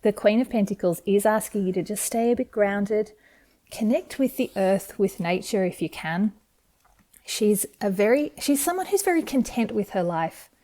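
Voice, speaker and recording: Gentle, mellow-voiced woman tarot reader. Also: mid-range voice, lively intonation, moderate pace. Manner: gentle, encouraging, enthusiastic. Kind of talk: tarot reading video. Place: home setup with camera.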